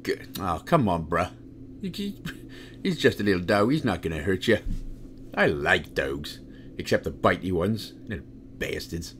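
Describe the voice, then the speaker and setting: A man's voice: moderate pace, a little hiss or hum. A man from Wales giving casual, joke-filled commentary as he walks through a video game guide. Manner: chatty, jokey asides, lively pitch swings.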